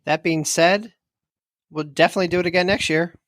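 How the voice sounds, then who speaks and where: A man's voice: high-pitched, fairly even intonation, a little fast, fairly bright tone, dry recording. Easygoing man podcast co-host, dry sound. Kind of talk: casual chat.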